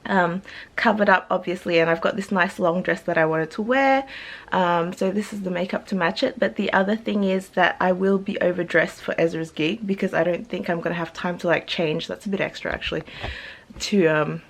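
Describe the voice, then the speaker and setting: A woman's voice: on the low side, fairly quick. A young woman, chatting casually to camera in a vlog, full of ums and likes and laughing often. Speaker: vlogger.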